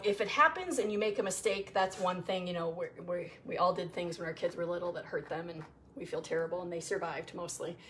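A woman's voice: mid-range voice, slight background noise. Chatty middle-aged woman grooming her dog. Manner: rambling, chatty, many ums and restarts; soft cooing asides to the dog. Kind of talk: casual livestream chat while grooming.

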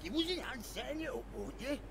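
An actor playing a gruff, grumbling older village man in a game. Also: very high voice, animated, a little fast, exaggerated voice. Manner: grumbling, indignant. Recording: game audio with background noise.

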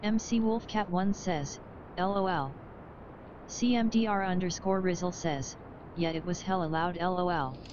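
A synthetic woman's voice reading chat messages aloud in an even, mechanical way. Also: fairly low pitch, moderate pace, highs cut off, noisy background. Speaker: text-to-speech chat reader.

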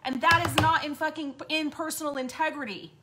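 A woman's voice: high voice, steady tone, brisk, heavy background noise. A woman host giving an impassioned, blunt monologue, swearing often and repeating points for emphasis. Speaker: podcast host.

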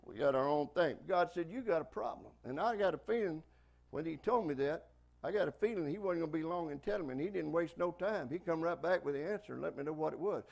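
A pastor with a Southern US accent from Texas, preaching a folksy, emphatic sermon with frequent praise-God interjections. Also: male voice, fairly high pitch, fast, gravelly, darkish tone.

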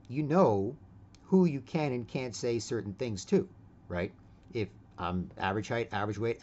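A man's voice: fairly low pitch, a little mellow, lo-fi sound, a little hiss or hum. A man giving a casual opinion monologue, rambling with many restarts and constantly tagging his sentences with "right?". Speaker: vlogger.

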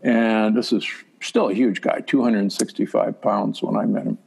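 A man's voice: lowish voice, fairly even intonation, moderate pace, creaky, darkish tone, breathy edge. An older man, a doctor who is a guest on a podcast, telling a story in a wry, anecdotal way. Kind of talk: interview storytelling.

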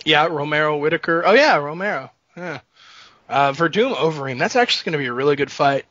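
Male podcast co-host, tense bright voice, dry close mic, animated. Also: on the high side, quick pace, dry recording. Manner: animated, laughing often, jokey. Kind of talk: casual sports chat. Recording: dull lo-fi dry sound.

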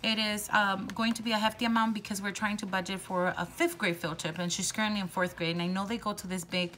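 A woman vlogger chatting casually while counting cash out loud, excitable and upbeat. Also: medium pitch, quick pace, poor audio. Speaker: budgeting vlogger.

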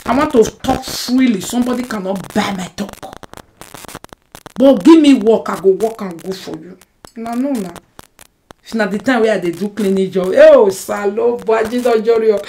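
A vlogger with a Nigerian Pidgin accent addresses a rival in an animated personal monologue to the camera, recorded with poor audio. She is emphatic, keeps throwing in rhetorical "eh?" asides, and swings between loud outbursts and low muttering.

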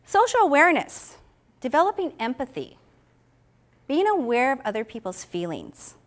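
A woman speaking at a conference, telling a story with lively swings in pitch. Her voice sits a little high, and she acts out the people in her story. She puts questions to the audience as she goes. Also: moderate pace. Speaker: conference presenter for an animal welfare education program.

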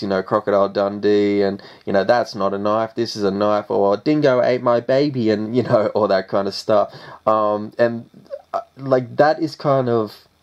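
A man's voice: fairly low pitch, darkish tone, highs cut off. A young Australian man, a rapper, answering interview questions in a casual, laid-back way and saying "man" after most phrases.

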